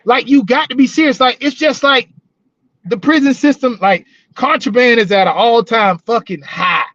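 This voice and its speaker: High-voiced male co-host, rambling and profane, dry dull audio; casual storyteller, prison-work talk. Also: moderate pace, fairly bright tone, dry recording. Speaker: podcast co-host, former corrections officer. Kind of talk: casual chat.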